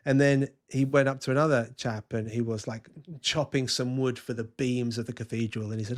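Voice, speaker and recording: A man talking as a guest on a podcast. He tells his stories eagerly in a mid-pitched voice, stumbling and restarting now and then as the ideas come to him. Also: fairly even intonation, fairly quick. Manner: enthusiastic storytelling with frequent restarts. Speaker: guest culture consultant. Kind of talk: podcast interview.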